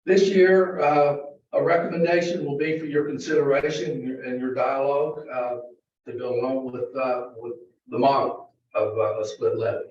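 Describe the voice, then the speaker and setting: A man presenting a county budget to a board in a halting, filler-heavy way, recorded in a meeting room. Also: mid-range voice, fairly even intonation, a little mellow, slight background noise. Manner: halting, many fillers and restarts. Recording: distant, very echoey, dull meeting-room audio.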